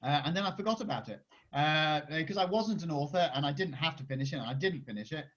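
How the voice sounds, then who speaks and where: Man, children's author, energetic chatty talk, rapid, dull lo-fi call audio. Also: a little high. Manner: energetic, chatty, with many restarts. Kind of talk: lively talk to schoolchildren on a video call.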